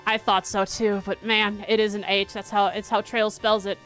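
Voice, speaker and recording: A young woman livestreaming as she plays a quiz, chatting casually and thinking aloud with halting restarts. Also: mid-range voice, little pitch movement, fairly bright tone, faint music behind. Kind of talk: casual livestream chat while playing a quiz.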